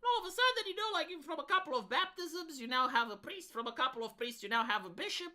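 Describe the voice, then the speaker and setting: A woman's voice: sits high, expressive, fast talker, sharp tone. A woman from Romania, giving rambling, filler-heavy commentary on a casual live stream.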